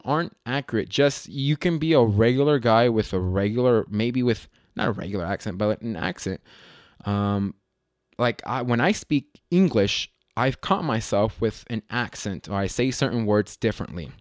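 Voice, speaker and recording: A man hosting his own podcast in a loose, rambling way, correcting himself often and filling pauses with ums. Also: medium pitch, expressive, no echo, studio quality. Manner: rambling, self-correcting, lots of fillers. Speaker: podcast host. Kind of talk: casual solo podcast chat.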